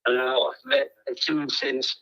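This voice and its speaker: A man's voice: mid-range voice, level tone, slow, bright, forceful tone. A male caller doing a put-on Australian accent over a muffled phone line, rambling and joking. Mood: mock accent. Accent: mock Australian. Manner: jokey, rambling, laughing.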